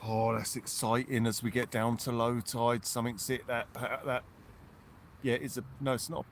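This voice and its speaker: A man hosting a live fishing stream outdoors on the shore at night, giving excitable commentary and thanking his supporters one by one. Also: mid-range voice, normal speed, noisy background. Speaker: fishing livestream host.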